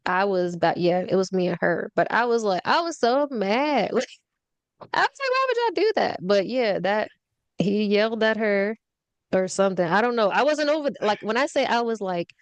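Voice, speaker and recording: Brief: young woman, podcast host, animated storyteller who acts out quoted lines, close dry sound. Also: mid-range voice, moderate pace, smooth, dry recording. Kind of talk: casual storytelling chat.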